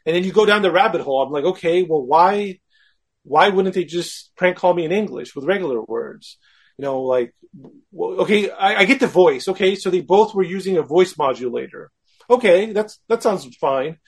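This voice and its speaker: A man, a guest, telling a personal story in casual talk, animated and self-mocking, acting out his own quoted thoughts. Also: high voice, normal speed, slightly rough.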